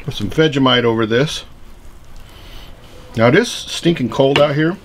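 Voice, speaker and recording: A man's voice: medium pitch, a little slow, pauses often, noisy background. Chatty man grilling outdoors, sizzle behind. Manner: chatty, upbeat, talks straight to viewers. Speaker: grilling channel host. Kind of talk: casual cooking vlog. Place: outdoors at a kettle grill on a cold windy day. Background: food sizzling on the grill.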